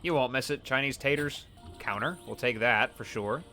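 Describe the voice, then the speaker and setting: Chatty bright-voiced gaming commentator man. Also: mid-range voice, normal speed, faint music behind. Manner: chatty, reads scan texts aloud. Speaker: let's play host. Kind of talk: gameplay commentary.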